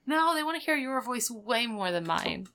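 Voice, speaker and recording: A woman's voice: on the high side, big pitch swings, normal speed, sharp tone. A woman co-hosting a casual podcast, recapping a sitcom episode and acting out the characters' lines as she goes. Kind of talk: casual chat.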